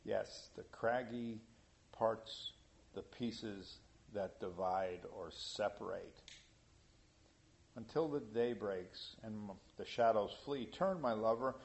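A man preaching a sermon in an animated way, rising to loud emphasis. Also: fairly low pitch, slow pace, gravelly. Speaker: pastor.

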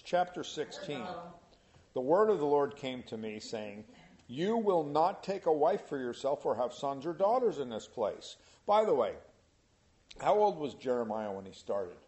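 A man's voice: mid-range voice, mellow. A man leading an informal Bible study, reading scripture aloud and then explaining it in casual, everyday words to a small group. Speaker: Bible teacher.

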